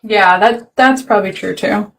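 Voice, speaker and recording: A woman's voice: mid-range voice, moderate pace, gravelly, low-quality recording. A woman hosting a livestream chat, telling stories animatedly and swearing freely. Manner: profane, animated storyteller. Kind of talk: casual heated chat.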